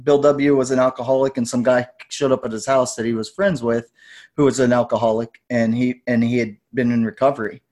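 A man in his forties, a podcast guest, telling stories in a loose, rambling way and jumping into lively voices when he quotes people. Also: medium pitch, a little fast. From United States. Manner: rambling, tangent-prone, animated when quoting others. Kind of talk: casual storytelling interview.

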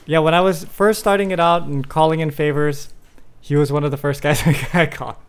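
A man hosting a casual talk show, relaxed and rambling with fillers. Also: on the high side, brisk, smooth. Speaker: podcast host. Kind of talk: casual chat.

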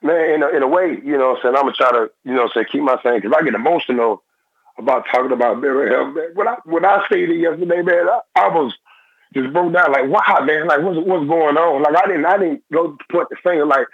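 A young man, a former football player, talking in a phone-in interview in halting, repetitive phrases. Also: a little high, vocal fry, husky, no room sound. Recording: tinny phone line.

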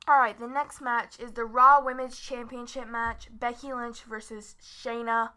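A young woman co-hosting a podcast with her father, mostly giving short, relaxed agreeing replies. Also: a little high, unhurried, a little hiss or hum. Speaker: podcast co-host, host's daughter. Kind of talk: casual wrestling prediction chat.

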